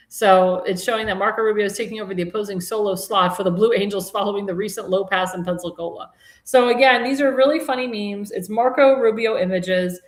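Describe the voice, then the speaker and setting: Woman host, live talk stream, rambling and chatty, mid-pitched voice, roomy echo. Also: brisk. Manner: chatty, rambling, many fillers and restarts; indignant, scolding. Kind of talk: casual political talk show commentary.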